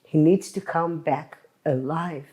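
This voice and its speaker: Woman, distressed, halting pleas, low dark voice, slow. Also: faint music behind. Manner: halting, pleading, repeats herself. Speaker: hostage's family member. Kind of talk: emotional testimony.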